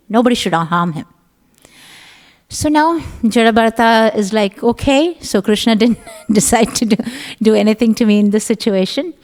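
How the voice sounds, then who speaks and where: A middle-aged woman giving a scripture class, telling the story in an animated way and acting out the voices of its characters. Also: mid-range voice. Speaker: class speaker. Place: temple hall. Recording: long hall reverb.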